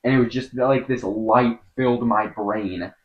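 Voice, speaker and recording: A young man from Wisconsin, a podcast guest telling a personal story in an earnest, halting way, full of filler words. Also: mid-range voice, steady tone, highs cut off. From Wisconsin, USA.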